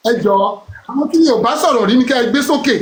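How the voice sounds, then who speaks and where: A middle-aged Nigerian man talks with urgent emphasis in a strikingly high voice. His words tumble out quickly. The room around him rings with a noticeable echo. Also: lively intonation, a crowd in the background. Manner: rapid, emphatic, high-pitched. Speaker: guest answering questions. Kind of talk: live online session. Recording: roomy echo.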